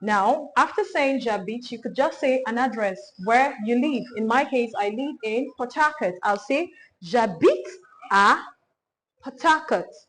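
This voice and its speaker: A woman teaching a beginner French lesson, speaking slowly and repeating each phrase for learners. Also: fairly high pitch, poor audio.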